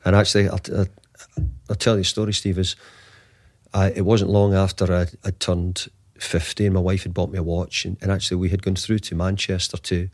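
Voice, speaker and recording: Low-voiced man telling a story in his fifties. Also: level tone, no room sound, studio quality. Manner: halting, often repeats words and restarts. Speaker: football manager, interview guest. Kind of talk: conversational storytelling.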